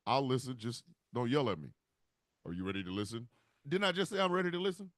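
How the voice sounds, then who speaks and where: A man's voice: mid-range voice, animated, quick pace, fairly bright tone, no room sound, pitched below the performer's own voice, natural voice. Guy putting on a whiny put-upon crow, bickers in street slang, voice swings all over the place, really dry sound. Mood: bickering. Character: hapless male crow made harbinger of death.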